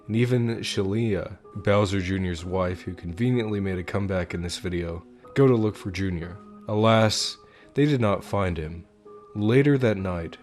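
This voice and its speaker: A man narrating a creepy story in a measured, dramatic storytelling voice. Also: lowish voice, darkish tone. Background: background music.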